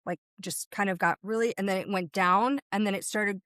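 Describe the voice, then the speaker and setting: A woman at a middle pitch, talking as a medium who is a guest in an interview. She tells her story vividly, speeding up and slowing down with it, in a dry, close sound. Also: steady tone, a bit bright, dry recording. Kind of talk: recounting a personal experience in an interview.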